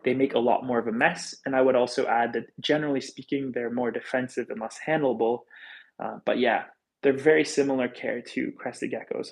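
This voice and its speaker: Reading comments aloud on his reptile livestream, a thirty-year-old host chats in a casual, candid way and leans on fillers often. His voice is medium-pitched, with background noise behind it.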